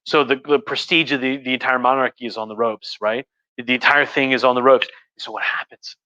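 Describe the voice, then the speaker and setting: A man's voice: medium pitch, steady tone, brisk, pushed and bright, no room sound. A tipsy man hosting a casual history livestream from home, crude and profane, rambling with restarts. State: tipsy from wine. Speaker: host. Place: home room. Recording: dull, muffled audio.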